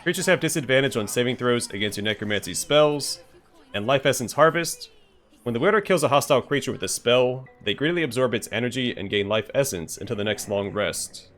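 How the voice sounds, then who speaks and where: A man's voice: medium pitch, expressive, a little fast, fairly bright tone, soft background music. A man hosting a let's play, reading item descriptions aloud with dry, joking asides. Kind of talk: gameplay commentary, reading item text aloud.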